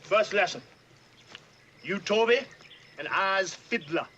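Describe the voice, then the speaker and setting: An actor with an American Southern accent plays an older enslaved fiddler in a period film drama, fawning over his master and scolding a newcomer in a drawling dialect. His voice sits high with a sharp tone and lively intonation, he speaks slowly in a full character performance, and the audio is dull with a little hiss or hum.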